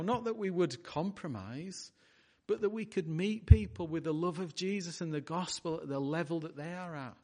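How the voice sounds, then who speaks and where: A man pastor preaching a sermon in an earnest way, often restarting and repeating words as he talks. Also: fairly high pitch.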